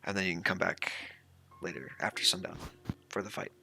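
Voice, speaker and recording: A man acting as game master, explaining the rules in a relaxed, rambling way. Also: low voice, brisk, creaky.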